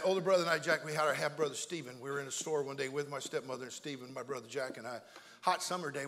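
A male pastor preaching a comic, story-filled sermon to his church, energetic and jokey, repeating himself and acting out voices. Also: sits high, big-room sound. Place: church sanctuary.

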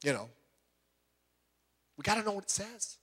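High-voiced man preaching emphatically. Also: big pitch swings, normal speed, a bit bright, husky. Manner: emphatic preaching with rhetorical questions. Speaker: pastor. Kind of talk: sermon.

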